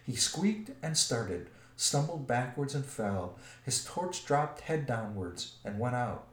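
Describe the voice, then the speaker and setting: A man's voice: mid-range voice, big pitch swings, slow. Man reading a storybook aloud, echoey. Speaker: narrator. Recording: roomy echo.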